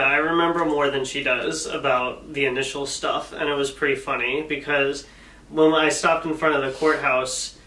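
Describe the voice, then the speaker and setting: A man's voice: mid-range voice, far from the mic. A man in a casual vlog, telling a story and acting out quotes with animation. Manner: animated retelling with acted quotes. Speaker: vlogger telling the proposal story. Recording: echoey room, camera mic from afar.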